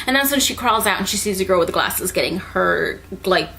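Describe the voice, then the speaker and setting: A young woman rambling excitedly through an anime recap, full of "like" and swearing. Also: fairly low pitch, fairly quick, gravelly, a little hiss or hum. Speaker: anime reviewer.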